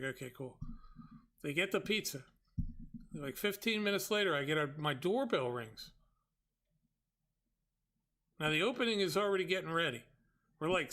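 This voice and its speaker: Male host, slightly high, sharp voice; animated, exasperated storyteller. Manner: exasperated, quick retelling with quoted dialogue. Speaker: trading show host.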